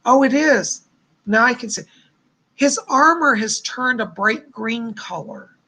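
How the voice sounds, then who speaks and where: A man hosts a live psychic reading session, warmly passing messages to viewers one after another. His extremely high voice is gravelly, breathy and husky, and he speaks unhurriedly but effusively, rambling on with thanks and blessings.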